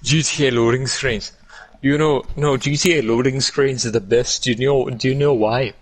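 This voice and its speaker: A man's voice: medium pitch, fairly even intonation, moderate pace, no room sound, low-quality recording. A young man from Australia with a put-on Irish accent, chatting casually while gaming, brash and swearing in mock-aggressive banter. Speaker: gaming streamer.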